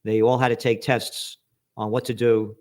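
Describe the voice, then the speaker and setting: With a mid-range, slightly mellow voice, a level tone, and a moderate pace, a man reads headlines aloud and mocks them. The news commentary is angry and sarcastic, with profanity throughout.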